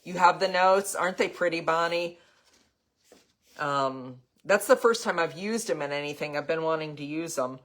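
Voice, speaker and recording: Speaking at a moderate pace in a low, slightly bright voice, an older woman runs a casual live craft demonstration. She chats with viewers and rambles, dropping frequent ums and an occasional cough while responding to their comments along the way.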